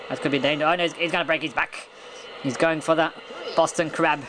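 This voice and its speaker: A man giving excitable play-by-play commentary on a video game wrestling match, chuckling and stumbling over his words, his voice jumping high at big moves. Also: fast, noisy background.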